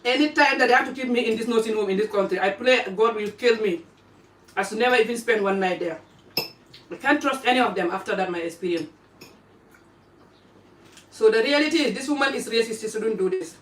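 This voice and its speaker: An African woman vlogging casually while eating, chatting in an animated way and jumping from topic to topic. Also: fairly high pitch, a little fast, long pauses. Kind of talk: casual live-stream chat while eating. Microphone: phone camera pointed away from her. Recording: roomy phone audio from a distance.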